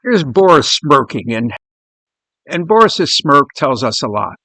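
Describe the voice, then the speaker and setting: A man's voice: a little high, very animated, a little slow, pushed and bright, no echo. A male show host giving scornful, blunt commentary on a video clip.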